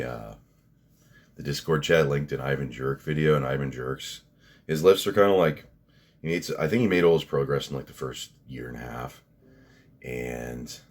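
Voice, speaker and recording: Guy with a super low voice, rambling vlog commentary, blunt and sweary. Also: breathy edge. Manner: rambling, blunt, profane, frequent restarts. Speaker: fitness vlogger.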